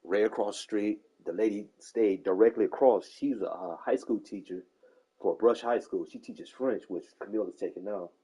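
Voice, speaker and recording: A man in his forties in casual chat, telling profane stories in a lively way and acting out the people in them. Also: fairly low pitch, moderate pace, slightly rough, low-quality recording. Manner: animated storyteller, profane, acts out quoted people.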